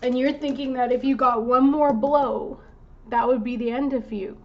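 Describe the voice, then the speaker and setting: A woman giving a tarot reading to her viewers in a gentle, reassuring way, now and then breaking off to apologize. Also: sits high, fairly even intonation, normal speed, muffled recording. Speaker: tarot reader.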